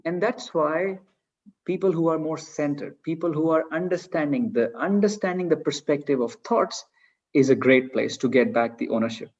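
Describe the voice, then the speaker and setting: Guy coaching people over a video call, earnest, kinda high voice, muffled lo-fi sound. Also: normal speed, a little mellow. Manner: earnest, advice-giving, acts out examples in quoted voices. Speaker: leadership coach. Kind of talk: online workshop talk.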